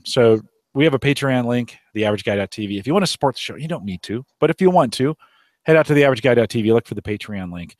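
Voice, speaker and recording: A man's voice: medium pitch, no room sound. A man hosting a live tech show, talking casually and rambling with frequent restarts, sitting outdoors on a deck. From Omaha area, United States. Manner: rambling, restarts often, chatty. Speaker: podcast host.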